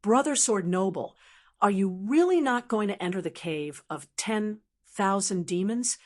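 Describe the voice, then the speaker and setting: A woman's voice: mid-range voice, expressive, a little slow. A woman voicing a scheming young man who feigns concern in a storybook narration. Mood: feigned concern. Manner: feigned concern, then cursing. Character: scheming ruthless young male cultivator.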